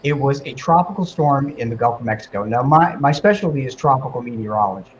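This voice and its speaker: A man guest on a talk radio show, telling an emotional personal story in a casual, animated way with many fillers. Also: mid-range voice, fast, highs cut off, slight background noise. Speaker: guest medium and author.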